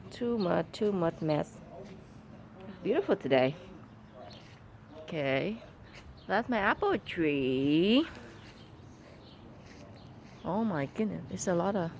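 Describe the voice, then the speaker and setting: This is a casual vlog by a mother outdoors in her yard, filmed on a handheld phone. She speaks simple broken English and apologizes again and again in a medium-pitched, slightly mellow voice, with a little hiss or hum on the audio.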